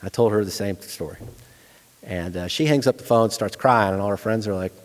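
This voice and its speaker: As guest lecturer in a large lecture hall, a middle-aged retired Army staff sergeant speaks briskly in a voice on the low side. He tells a frank war story from his own life with blunt soldier humor, his words trailing long hall reverb.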